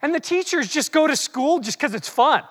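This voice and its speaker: A preacher delivering an animated, teasing sermon that swings between quiet asides and shouted bursts, recorded in a large hall. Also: high voice, moderate pace. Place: large hall with long reverb. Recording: long hall reverb.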